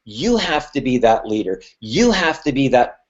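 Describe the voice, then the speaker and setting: Medium-pitched and sing-song, this business mentor speaks at normal speed in a coaching webinar on networking, captured with lo-fi sound. His delivery is emphatic, and he checks in with listeners after nearly every point, repeating "okay" and "right."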